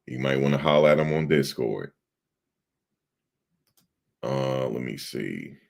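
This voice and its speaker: Very deep, gravelly man chatting casually. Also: animated, slow. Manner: rambling, talks to viewers in chat. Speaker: livestream host. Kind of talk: casual livestream chat.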